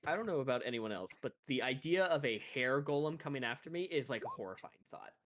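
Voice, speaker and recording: A man's voice: mid-range voice, expressive, fast, fairly bright tone. A man running a tabletop game as game master, narrating casually with chuckles and hesitant fillers.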